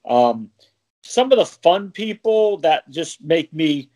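A man's voice: fairly high pitch, animated, slow, darkish tone. Chatty laughing male wrestling referee. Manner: chatty, laughs often, rambling with fillers. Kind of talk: casual podcast chat.

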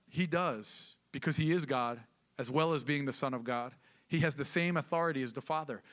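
A man's voice: on the high side, fairly bright tone. A male pastor preaching a sermon in a conversational way, with casual asides and questions to the congregation.

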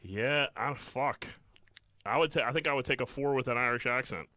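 A man's voice: mid-range voice, moderate pace, sharp tone, no echo, clean studio sound. A man co-hosting a casual podcast, making blunt, crude jokes. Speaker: podcast co-host.

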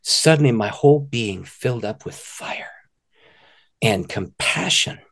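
A middle-aged man, an author and ministry director, telling a personal story in an interview with lively delivery and frequent laughter. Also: medium pitch, a little slow. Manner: lively, laughs often, acts out voices in stories.

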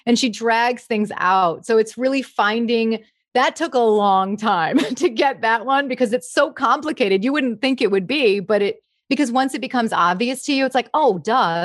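Animated woman, dry close sound. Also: mid-range voice, no echo. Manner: animated, laughs often, slips into brief impressions. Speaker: impressionist guest. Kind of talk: casual interview chat.

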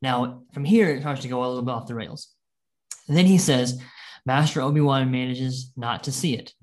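A man's voice: mid-range voice, normal speed. Chatty young man reviewing a film. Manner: animated, quotes movie lines in passing, many likes and restarts. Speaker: podcast host. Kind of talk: casual film review chat.

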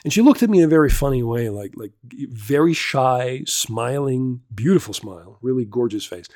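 A man's voice: mid-range voice, lively intonation, moderate pace, darkish tone, no echo, studio quality. A man hosting a casual solo podcast, rambling through a story with lots of restarts, fillers and swearing. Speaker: podcast host.

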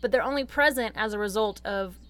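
A woman chatting casually on a podcast, lively and quick to laugh, with playful asides. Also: mid-range voice. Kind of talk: casual chat. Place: lives in Los Angeles.

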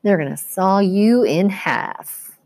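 A woman's voice: medium pitch, animated, slow, a little mellow. A woman voicing a mean, mocking adult male trucker in a children's book read-aloud. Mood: sneering. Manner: mocking, sneering.

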